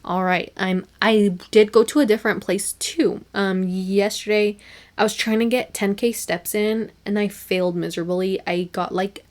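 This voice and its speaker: A young woman talks through her solo podcast in a loose, chatty way, full of fillers and little laughs. Her voice sits at an ordinary middle pitch, and she stays animated throughout. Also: normal speed. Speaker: podcast host. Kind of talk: casual solo podcast chat.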